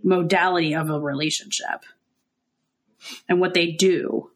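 A woman's voice: lowish voice, fairly even intonation. Enthusiastic woman guest reading aloud. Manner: enthusiastic, reads quotes aloud, quick asides. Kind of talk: casual academic discussion.

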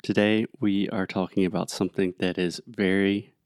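A man's voice: sits low, flat delivery, normal speed, darkish tone, clear, resonant tone, no room sound, studio quality. A man with a Southern American accent, co-hosting a casual podcast and teasing his partner. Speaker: podcast co-host.

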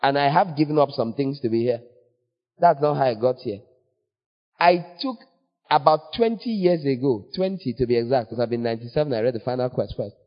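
A man preaching a sermon in a playful, teasing way, with sudden jumps in pitch. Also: expressive, a little fast. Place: church. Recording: long church reverb, dull lo-fi sound.

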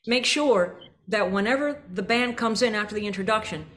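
A woman's voice: mid-range voice, moderate pace, a bit bright. A woman leading a band rehearsal, explaining articulations through vivid images and singing syllables to demonstrate. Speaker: band clinician. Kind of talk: rehearsal instruction to a student band.

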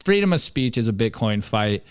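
A man's voice: mid-range voice, sing-song, normal speed, clear, resonant tone, no echo, clean studio sound. A man co-hosting a podcast, reading memes aloud in a casual, emphatic and mocking way. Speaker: podcast co-host.

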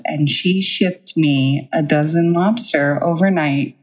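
A woman's voice: deep voice, slow pace, hardly any pauses. A woman from Montauk co-hosting a podcast, frank and blunt in casual chat. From Montauk, New York. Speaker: podcast co-host.

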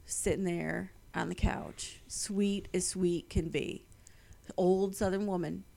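A woman's voice: lowish voice, steady tone, slow pace, creaky, dark tone. A woman in casual chat, telling stories animatedly and acting out the voices of people she quotes.

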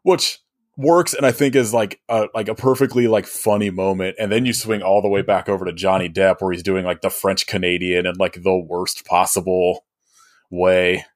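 Low-voiced man rambling about movies. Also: steady tone, normal speed. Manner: rambling, many fillers, laughs often. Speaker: podcast co-host. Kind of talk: casual movie review chat.

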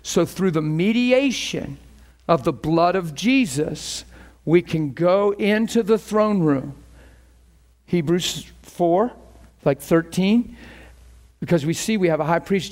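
A man's voice: sits high, a little mellow. A man preaching a teaching sermon and telling his own testimony, earnest and emphatic, often repeating words as he builds a point.

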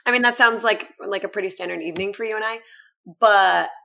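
A woman's voice: mid-range voice, fast talker, creaky, pushed and bright. Woman podcast co-host, curious, drops wry asides in casual chat. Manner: reacts with questions and wry asides.

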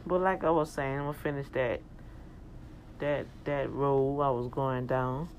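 A woman's voice: extremely low pitch, steady tone, unhurried, highs cut off, slight background noise. A woman with a New Orleans accent talking to her viewers in a casual, preachy monologue, full of emphatic rhetorical questions. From New Orleans, US South. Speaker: vlogger addressing her online family.

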